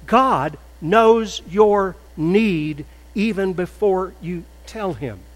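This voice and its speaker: A man preaching in a slow, unhurried cadence, his slightly high voice carrying through a reverberant sanctuary. He builds from quiet reasoning to forceful emphasis on key points. A faint electrical hum sits under the recording. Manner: measured preaching that builds to loud emphatic peaks. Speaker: pastor. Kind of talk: sermon. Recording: echoey hall with faint mains hum.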